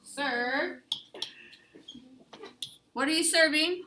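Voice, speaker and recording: Woman teacher, slightly high voice, quizzing students in an echoey classroom. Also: very slow. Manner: quizzing students, repeating answers back. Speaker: Spanish teacher. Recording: echoey classroom with faint noise.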